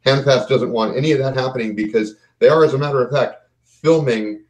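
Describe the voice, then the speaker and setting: A man narrating as game master of a tabletop game, in relaxed descriptive narration. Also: medium pitch, a little fast, dull audio.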